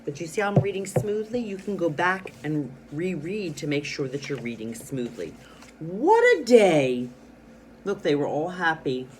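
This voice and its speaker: Expressive male teacher reading aloud. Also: on the high side, background noise. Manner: expressive read-aloud with stressed words and pauses, then plain explaining. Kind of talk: children's reading lesson, reading a storybook aloud.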